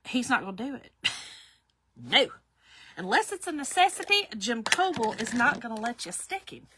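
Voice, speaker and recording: A woman's voice: on the high side, big pitch swings, normal speed, background noise. A middle-aged woman hosting a live craft demo, chatty and laughing often as she greets viewers by name. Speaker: craft livestream host.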